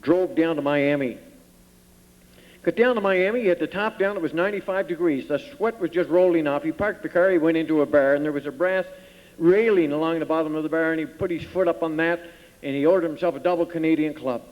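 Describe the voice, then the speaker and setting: A man with a Cape Breton accent, emceeing a pageant and telling folksy jokes on a theater stage. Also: on the high side. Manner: folksy, rapid storytelling. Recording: dull recording in a reverberant theater.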